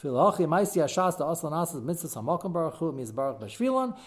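A man teaching a text-study class, explaining quickly and animatedly with frequent "uh" fillers. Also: on the high side, big pitch swings.

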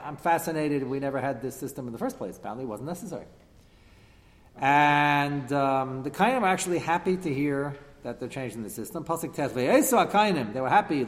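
A man teaching a text class, animated and emphatic, firing rhetorical questions at his students. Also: on the high side, big-room sound. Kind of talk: classroom lecture with discussion.

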